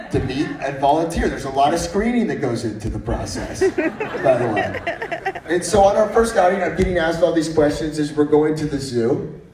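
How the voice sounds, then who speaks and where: A man's voice: medium pitch, darkish tone. A man in his thirties gives a faith-based talk at a breakfast meeting. He tells funny stories and often restarts his sentences. His voice comes from some distance and sounds roomy. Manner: anecdotal and humorous, with frequent restarts. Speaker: guest speaker. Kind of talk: faith-based storytelling speech.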